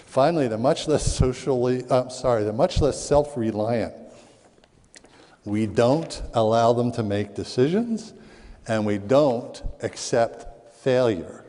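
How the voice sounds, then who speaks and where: A middle-aged man from Southwest Philadelphia, a speaker on parenting, telling lively stories to an audience and acting out voices in quotes. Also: mid-range voice, slow pace. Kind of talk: storytelling talk to an audience. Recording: long hall reverb.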